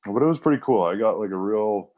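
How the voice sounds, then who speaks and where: Very deep-voiced man telling stories. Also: lively intonation, quick pace, a little mellow. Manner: rambling, heavy on fillers and quoted voices. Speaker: wrestler guest. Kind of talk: casual interview storytelling.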